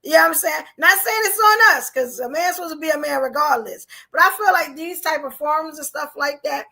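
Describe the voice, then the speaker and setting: New woman podcast host, high, bright, edgy voice, animated casual talk. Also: brisk, vocal fry. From New York. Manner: animated, rhetorical "you know what I'm saying". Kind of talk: casual live podcast chat.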